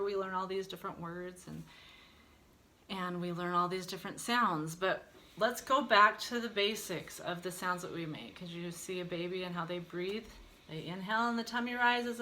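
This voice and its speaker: A woman's voice: on the low side, bright, forceful tone, slight background noise. A woman singing teacher leading an online lesson, encouraging students and demonstrating vocal exercises.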